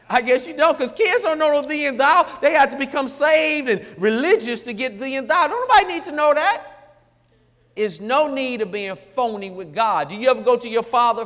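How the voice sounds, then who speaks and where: A man's voice: very high-pitched, animated, normal speed, a bit bright, long reverb tail. A middle-aged man preaching in a folksy, joking, emphatic way. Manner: folksy, joking, emphatic, mocks formal prayer. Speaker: pastor. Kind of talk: sermon-style radio talk.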